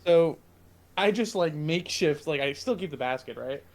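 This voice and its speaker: A man playing a tabletop game, speaking in a casual, slangy, excitable way. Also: on the high side, moderate pace. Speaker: player.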